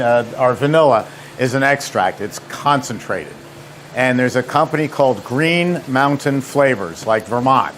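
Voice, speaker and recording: A man's voice: medium pitch, a little hiss or hum. A man, a company president giving a live seminar demonstration as a chatty, joking storyteller. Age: 50s or 60s.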